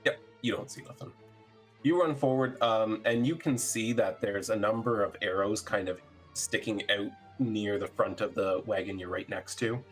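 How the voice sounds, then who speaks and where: A man's voice: on the low side, normal speed, soft background music. A man narrating as game master, easygoing and full of ums as he describes the scene. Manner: relaxed, hesitant, many ums.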